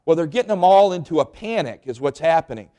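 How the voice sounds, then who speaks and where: A man's voice: a little high, expressive, fast talker, dark tone. A middle-aged man preaching a sermon, emphatic and full of rhetorical questions. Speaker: pastor. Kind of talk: sermon with storytelling.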